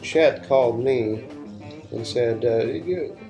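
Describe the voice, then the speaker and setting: A man's voice: fairly low pitch, fairly even intonation, normal speed, mellow, faint music behind. Laid-back man telling studio stories. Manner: rambling, restarts sentences, laid-back storytelling. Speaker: session guitarist, interview guest. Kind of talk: casual interview storytelling.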